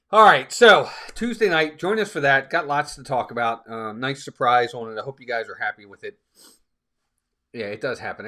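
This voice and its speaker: A man's voice: mid-range voice, sharp tone. A man hosting a casual live stream, chatting with viewers and reading out their comments. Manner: chatty, reads out viewer comments, sneezing fits.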